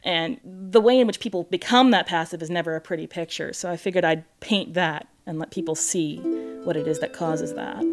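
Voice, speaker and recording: A woman author speaks earnestly with a somewhat low voice, sometimes restarting as she thinks. She also reads from her own book in a steady narrating voice. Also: fairly quick, faint music behind. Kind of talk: interview talk and reading from her novel.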